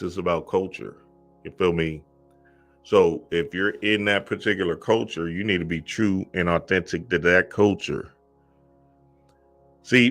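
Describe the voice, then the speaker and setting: A male spiritual content creator with a low, fairly bright voice talks in a casual, emphatic monologue. He keeps asking "you feel me" and acts out the voices of people he quotes.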